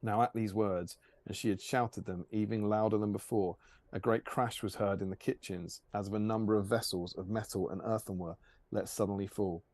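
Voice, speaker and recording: A man hosting a stream, reading an archaic fantasy tale aloud in a measured storytelling manner. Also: lowish voice, fairly even intonation, darkish tone, no room sound. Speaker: stream host.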